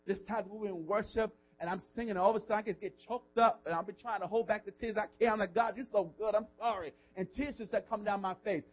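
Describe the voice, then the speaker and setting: High-voiced preaching pastor, lo-fi. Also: male voice, fairly even intonation, quick pace, few pauses. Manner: preaching with rising and falling intensity, call-and-response asides. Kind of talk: sermon. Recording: dull lo-fi audio.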